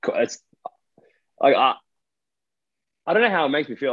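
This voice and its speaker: A man's voice: medium pitch, expressive, normal speed, pauses often, fairly bright tone, husky, no echo. A young man with an Australian accent co-hosting a casual podcast, rambling with lots of fillers and restarts. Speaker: podcast co-host. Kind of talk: casual chat. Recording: dry, dull lo-fi sound.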